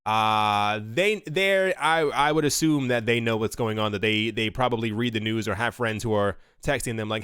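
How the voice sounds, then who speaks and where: A man's voice: on the low side, normal speed, few pauses, a bit bright, clean tone, no echo, studio quality. A man commenting casually and with strong opinions on crypto news, talking loosely with many fillers and restarts. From United States. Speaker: crypto video host.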